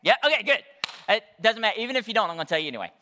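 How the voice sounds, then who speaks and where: A man's voice: high voice, sing-song, racing, bright, forceful tone, big-room sound, slight background noise. A man, preaching a sermon in a conversational, storytelling way. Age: 40s. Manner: conversational, storytelling with frequent check-ins. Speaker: pastor.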